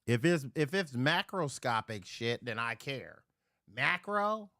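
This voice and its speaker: A man on a casual livestream, drinking while he chats. He rants in profane, rambling bursts, swinging from loud outbursts to low mutters, speaking from home. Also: sing-song, takes it slowly, no echo, clean studio sound. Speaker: live streamer. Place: at home near a refrigerator.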